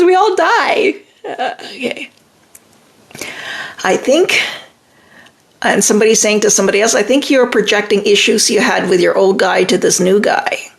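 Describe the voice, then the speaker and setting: Woman, middle-aged, live-stream advice host, slightly high pitch, gravelly texture, emphatic, reassuring. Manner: animated, emphatic and reassuring, reacting to viewer comments. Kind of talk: live-stream advice, reading comments aloud.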